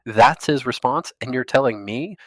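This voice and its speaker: A man's voice: medium pitch, moderate pace, fairly bright tone, no room sound. A man giving angry, profane political commentary, ranting in a furious tone.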